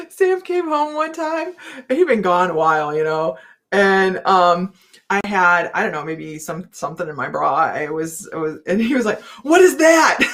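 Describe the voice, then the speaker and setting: A middle-aged woman hosts a casual psychic live chat with viewers, her medium-pitched voice a bit bright. She's chatty and self-mocking and laughs often.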